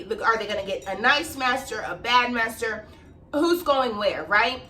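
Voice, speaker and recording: A young woman tells a storytime in a casual, animated way, swearing freely and acting out the people she describes. Her voice is fairly high and very bright. She sits a little back from the mic. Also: distant mic. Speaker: vlogger telling a storytime.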